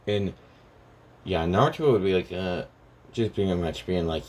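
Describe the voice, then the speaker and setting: A man's voice: deep voice, moderate pace, a little mellow. A man casually talking through a story idea, hesitant and rambling, full of restarts and fillers.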